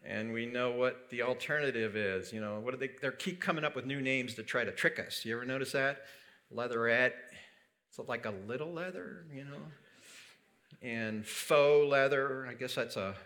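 A man's voice: medium pitch, normal speed, fairly bright tone. A man preaching a sermon in a conversational way, asking rhetorical questions and adding light humor. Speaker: pastor.

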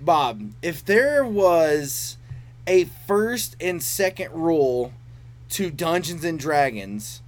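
A man with a high voice chatting on a podcast, enthusiastic and emphatic. His pitch moves in a lively way as he makes his points. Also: slow, a little hiss or hum. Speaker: podcast co-host. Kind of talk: casual chat.

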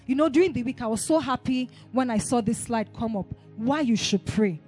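A woman's voice: a little high, moderate pace, faint music behind. A woman pastor, preaching a sermon and asking the congregation call-and-response questions. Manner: rising to shouted declarations.

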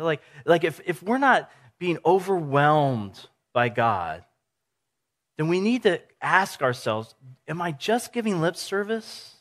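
A man preaching a sermon in a conversational, animated way, acting out little scenes for his listeners. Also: a little high, unhurried. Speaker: pastor.

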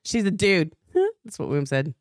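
Blunt, lively woman podcast co-host. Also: on the low side, measured pace, dry recording, studio quality. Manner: blunt, opinionated, reads chat comments. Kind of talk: casual chat.

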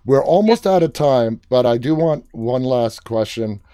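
A man's voice: medium pitch, expressive, measured pace, dark tone, clear, resonant tone, no echo. A man interviewing an actress, asking direct questions with enthusiasm and the odd filler. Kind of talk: casual interview.

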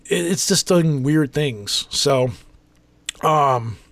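A man in his forties hosting a casual podcast, telling rambling stories quickly and acting out the other people's lines. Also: a little high, a bit bright, dry recording. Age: 40s. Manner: rapid, rambling storyteller who acts out dialogue. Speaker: podcast host. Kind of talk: casual chat, storytelling.

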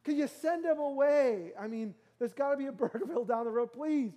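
A man's voice: extremely high pitch, a little fast, mellow, voice pushed up. A male pastor voicing impatient disciples who beg for a break and food, in a whiny pleading tone. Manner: whiny, begging.

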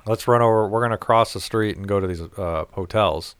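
A man's voice: on the low side, fairly quick, clean tone, dry recording. A man telling a rambling, profane story in casual chat. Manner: rambling, profane, laughs at his own story.

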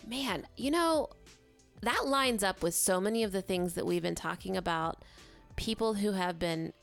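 A woman in a casual podcast chat, reflective and quick to react with exclamations. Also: medium pitch, creaky, soft background music.

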